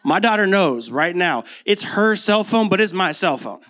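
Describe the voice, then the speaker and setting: A man's voice: high-pitched, animated, normal speed, hardly any pauses, sharp tone. A man in his thirties with an American accent, preaching a casual sermon full of stories and rhetorical questions. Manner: conversational storytelling with rhetorical questions. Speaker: pastor.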